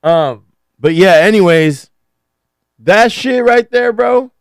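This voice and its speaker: A young man talking casually as a vlogger, slangy and excitable, swearing freely and whooping loudly. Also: high voice, takes it slowly, smooth, no room sound, studio quality. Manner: swears casually, many fillers. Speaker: vlogger describing a food trip. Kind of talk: casual chat over photos. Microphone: studio mic.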